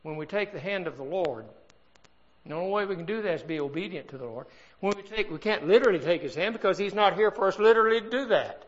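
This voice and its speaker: A man's voice: high voice, expressive, muffled recording. An older man preaching a sermon, swelling in volume and drawing out key words. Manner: emphatic preaching with swells in volume and slowed stresses.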